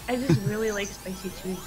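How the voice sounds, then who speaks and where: A woman co-hosting a casual gaming livestream, reading out chat questions in a relaxed way. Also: medium pitch, normal speed, music in the background, poor audio. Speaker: livestream co-host.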